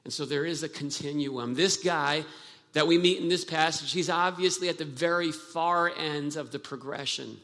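A man's voice: on the high side, normal speed, sharp tone. A pastor preaching a sermon, earnest and emphatic, often restarting his phrases. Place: church sanctuary. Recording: long hall reverb from a church.

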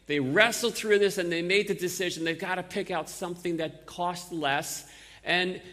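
Bright-voiced New York pastor preaching. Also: male voice, sits high. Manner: conversational storytelling with frequent uh and restarts. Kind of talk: sermon. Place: church sanctuary. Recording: long reverb of a large hall.

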